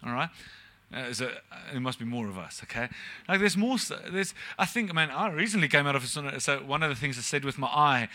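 A man's voice: medium pitch, animated, fairly quick, sharp tone. A young man, preaching a sermon at a church service in a casual, joking way and asking the congregation questions. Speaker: pastor.

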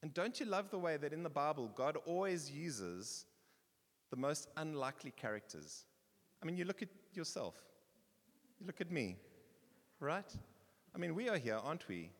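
Male pastor, higher voice, expressive sermon delivery, echoing church hall. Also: moderate pace, pauses often. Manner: animated, conversational preaching with scripture reading. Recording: long reverb of a church hall.

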